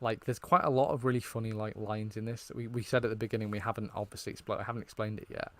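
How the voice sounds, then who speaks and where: A man's voice: lowish voice, quick pace. A British man co-hosting a podcast in casual chat, telling stories with energy and quoting lines he finds funny. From Britain. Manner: animated storyteller, quotes film lines and laughs at them. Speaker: podcast co-host.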